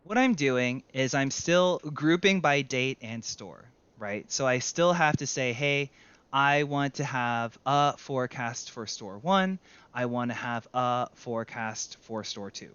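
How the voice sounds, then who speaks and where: A man's voice: mid-range voice, a little slow, smooth, no room sound, lo-fi sound. A man teaching a screen-share tutorial in a conversational way, correcting himself as he goes. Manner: conversational, self-correcting, lively. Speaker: data instructor.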